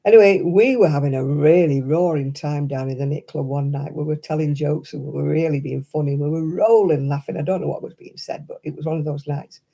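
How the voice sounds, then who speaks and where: Laughing often as she chats, this older woman spins anecdotes while hosting a crafting livestream. She speaks a little fast with few pauses, in a low, warm voice that has a creaky edge.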